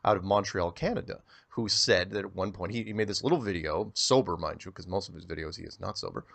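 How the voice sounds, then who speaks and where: A man telling a long story as an interview guest, rambling and animated, often repeating words as he starts a sentence. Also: deep voice, fast talker, creaky.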